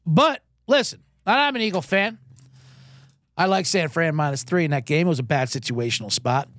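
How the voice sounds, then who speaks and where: A man's voice: a little high, lively intonation, normal speed, a bit bright, no echo, clean studio sound. A man hosting a comedic sports podcast, talking in a profane, rambling, self-deprecating way. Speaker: podcast host.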